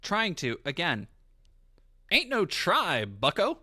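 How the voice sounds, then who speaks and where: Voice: medium pitch, huge pitch swings, pushed and bright. A streamer ranting heatedly and profanely on their stream. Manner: profane, heated, fast rant. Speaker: commentary streamer.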